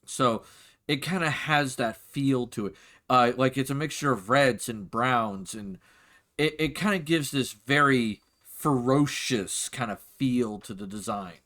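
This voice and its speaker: A man's voice: mid-range voice, a little slow, fairly bright tone. A man narrating a tabletop game as game master, casual and chatty with frequent fillers.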